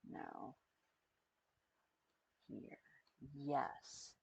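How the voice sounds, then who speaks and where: A streamer chatting casually on a live stream while building an avatar, often muttering to themselves and trailing off mid-thought. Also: drawn-out words.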